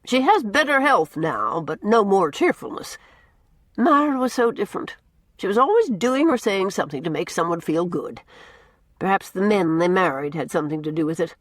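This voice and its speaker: A woman voicing a brisk, outspoken older village woman with blunt, gossipy opinions. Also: lowish voice, big pitch swings, no room sound.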